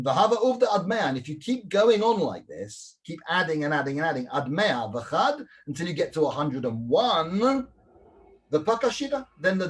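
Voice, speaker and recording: Animated man teaching a text. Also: a little high. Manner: animated, repeats himself and checks in with "right?". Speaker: Talmud teacher. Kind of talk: explaining a Talmud page.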